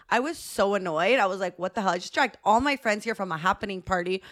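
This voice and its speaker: A woman's voice: mid-range voice, fairly quick, fairly bright tone. A woman with a thick voice, co-hosting a podcast and telling a story in casual chat, acting out quotes and laughing often. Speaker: podcast co-host.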